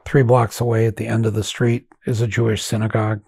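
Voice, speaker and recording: Impassioned older man, gravelly and husky. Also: on the low side, level tone, dry recording, studio quality. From United States. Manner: impassioned, swinging from loud outbursts to hushed, halting reflection. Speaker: podcast host. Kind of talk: emotional monologue.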